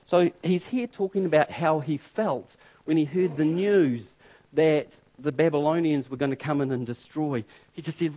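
High-voiced, emphatic male preacher. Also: steady tone, a little slow. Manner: emphatic and dramatic, repeating phrases, swinging from loud to hushed. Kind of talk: sermon.

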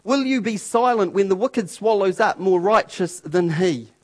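A man's voice: high-pitched, lively intonation, a little slow. A man voicing a distressed male prophet who protests to God, urgent and stammering with repeated words. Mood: anguished protest. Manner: pleading, stammering repetitions, raised and urgent.

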